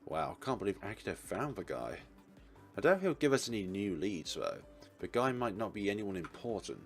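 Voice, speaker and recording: A man reading a visual novel aloud in first person, voicing its protagonist with a dry, wry touch. His voice sits low but swings lively in pitch, with faint game music behind. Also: normal speed. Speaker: let's play host reading the protagonist.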